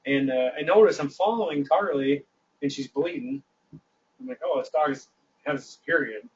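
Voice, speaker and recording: A man's voice: a little high, moderate pace. A man telling a long, funny story in casual chat, laughing as he goes and acting out the voices of the people in it. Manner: animated, laughs through his story, acts out quoted voices. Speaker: guest. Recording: distant, dull livestream audio.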